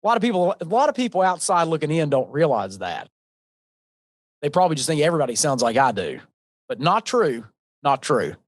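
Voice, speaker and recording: A man's voice: a little high, sing-song, brisk, no room sound. Laid-back man with a West Virginia drawl. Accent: Southern West Virginia. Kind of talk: casual panel discussion.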